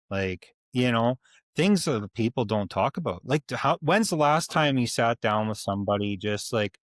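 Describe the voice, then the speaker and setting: A man's voice: medium pitch, lively intonation, moderate pace, a bit bright, dry recording, studio quality. A man in his forties co-hosting a podcast, telling a candid, rambling story and swearing freely. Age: 40s. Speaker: podcast co-host. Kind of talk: casual chat.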